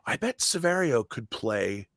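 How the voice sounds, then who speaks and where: A man telling excited, geeky stories in casual podcast chat, often acting out quotes and restarting his sentences. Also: medium pitch, unhurried, no room sound, clean studio sound. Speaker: guest, audio drama producer.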